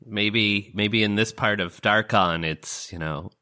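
Man, tabletop player, casual joking chat, bright voice. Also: on the low side, slow.

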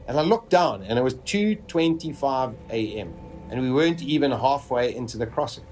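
A man vividly recounting a personal survival story, with dramatic pauses. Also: mid-range voice, lively intonation, darkish tone, soft background music.

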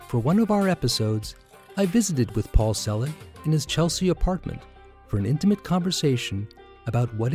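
Male host, mid-pitched voice, scripted narration, faint music behind. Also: darkish tone. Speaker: podcast host.

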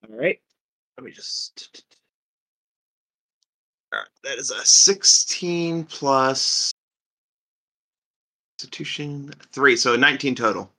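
A man's voice: mid-range voice, slow, long pauses, bright, forceful tone. A man playing a tabletop game, speaking eagerly in character. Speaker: player.

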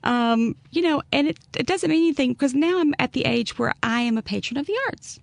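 A woman's voice: high-pitched, brisk, gravelly, no room sound. A middle-aged woman with an Alabama Southern accent, telling stories and laughing often as a guest in a casual chat. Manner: chatty storyteller, laughs often. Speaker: guest author.

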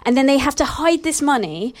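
Woman podcast host, kinda high voice, rambly chatty storytelling. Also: very animated, a little fast. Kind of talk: casual chat.

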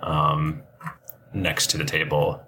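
A man's voice: very deep voice, completely flat delivery, takes it slowly, sharp tone, slight background noise. A man running a tabletop game as the game master, describing the scene with frequent hesitations.

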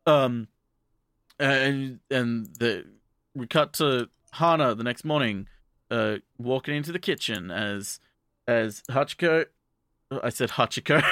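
A man's voice: medium pitch, fairly bright tone, dry recording, clean studio sound. A man casually recapping an anime episode as a podcast co-host, rambling with many restarts and fillers. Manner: quotes characters in offhand voices.

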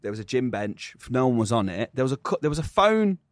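Young man, casual podcast chat, foul-mouthed, animated storyteller, dry close sound. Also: medium pitch, fast talker, dry recording. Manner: swears freely, animated storytelling. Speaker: podcast co-host.

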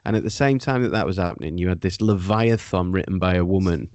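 A man's voice: low voice, quick pace, a little mellow, no room sound. A man hosting a podcast, talking through TV shows in casual, wry, sometimes sweary banter. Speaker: podcast host. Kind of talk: casual chat.

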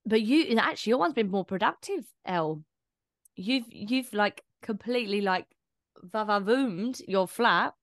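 A woman's voice: mid-range voice, animated, a little slow, no echo. This is a young woman chatting on a podcast. She talks in bursts, swears freely, laughs often and trips over her restarts. Her voice sits in a middle range and sounds dry and close, with no room around it. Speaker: podcast co-host. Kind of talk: casual chat.

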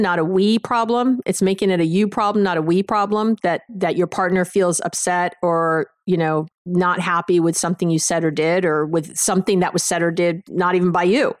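A woman hosting a podcast who gives relationship advice in a frank, animated way, acting out quick examples and asides. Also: on the low side, no echo, clean studio sound. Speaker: podcast host, relationship coach. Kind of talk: casual advice talk.

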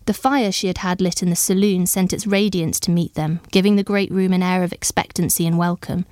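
A woman with a fairly low voice reads a story aloud at a measured pace. The sound is close and dry with no room around it. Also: fairly even intonation, darkish tone, no room sound. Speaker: audiobook narrator. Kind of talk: scripted story narration.

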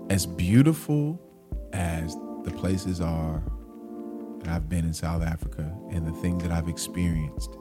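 An American man chatting casually, telling stories in an animated, slangy, emphatic way. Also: low-pitched. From United States. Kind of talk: casual chat.

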